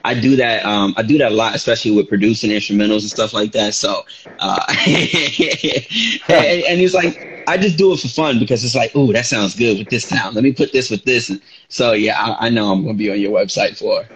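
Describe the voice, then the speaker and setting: A man co-hosting a casual podcast chat, relaxed and rambling in slangy talk over a video call. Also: fairly low pitch, fairly quick, breathy edge. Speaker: podcast co-host. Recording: dull lo-fi audio.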